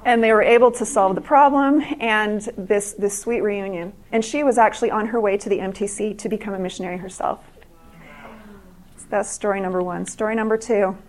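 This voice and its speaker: A middle-aged woman giving an earnest talk to an audience, telling true stories in a halting way with many restarts. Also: medium pitch.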